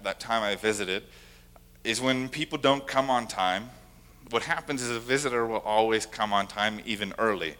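A man's voice: lowish voice, pushed and bright. A young adult man, a pastor, preaching a sermon in a conversational, self-deprecating way, acting out quotes from worried visitors.

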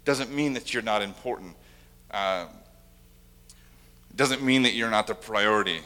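A man's voice: on the low side, a little slow, sharp tone. A young adult man, a pastor, preaching a sermon in a conversational, self-deprecating way, acting out quotes from worried visitors.

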